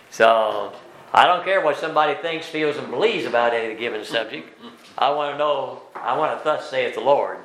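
A man's voice: mid-range voice, a bit bright. A man teaching a Bible study class, explaining verses word by word and asking the group rhetorical questions. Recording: roomy room echo.

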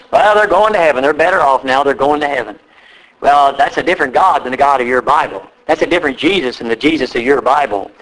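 Emphatic bright-voiced male preacher. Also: a little high, rough recording. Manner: emphatic, repeats key phrases, rises to exhortation; reads scripture aloud slowly. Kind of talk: sermon.

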